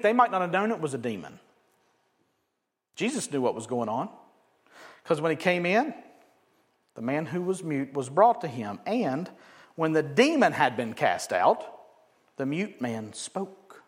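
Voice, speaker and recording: A man preaching a sermon, animated, swinging from loud emphatic bursts to quiet joking asides. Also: on the high side. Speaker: pastor.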